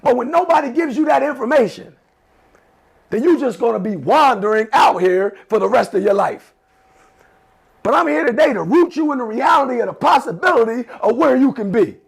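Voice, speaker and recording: Gravelly, high-pitched motivational speaker man. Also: animated, a little fast. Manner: emphatic, repetitive, leads call-and-response affirmations. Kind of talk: motivational talk to a class.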